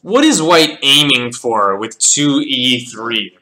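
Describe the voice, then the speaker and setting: A man's voice: mid-range voice, lively intonation, takes it slowly, sharp tone. A man casually reviewing his own chess games, thinking aloud as he calls out the moves and often repeating words. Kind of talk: casual game analysis.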